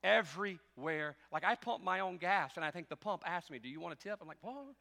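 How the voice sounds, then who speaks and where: Gravelly, bright-voiced male preacher. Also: high voice, lively intonation, fast talker, big-room sound. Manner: swings between loud preaching and quiet joking asides. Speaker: pastor. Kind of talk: sermon. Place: church sanctuary.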